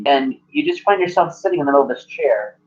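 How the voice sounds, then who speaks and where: A man narrating as game master in a halting way, filling gaps with "like". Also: a little high, lively intonation. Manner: halting, many "like" fillers. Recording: muffled lo-fi recording.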